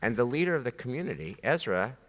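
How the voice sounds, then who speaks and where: A man leading a text-study class, teaching with animated, acted-out voices. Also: mid-range voice, quick pace. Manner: lively, acts out voices while teaching. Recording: reverberant hall.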